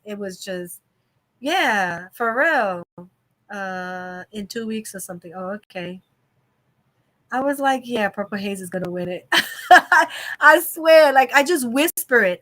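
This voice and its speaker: A woman, an adult mother of a young child, hosts a casual livestream chat from home. She tells a story animatedly, exclaiming and laughing along the way, in a voice that runs a little high.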